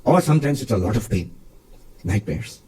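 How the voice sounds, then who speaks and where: A man, a monk and spiritual teacher, giving a lively, storytelling spiritual talk in answer to a question. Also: mid-range voice, moderate pace, recorded from a distance, low-quality recording.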